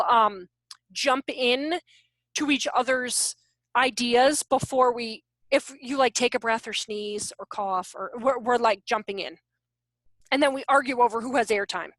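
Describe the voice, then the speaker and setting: A high-pitched woman in her thirties leads an online workshop over a video call. She is animated and keeps throwing rhetorical questions at her listeners. The sound is dry and close. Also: moderate pace, pauses often, no room sound. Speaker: workshop presenter on child behavior.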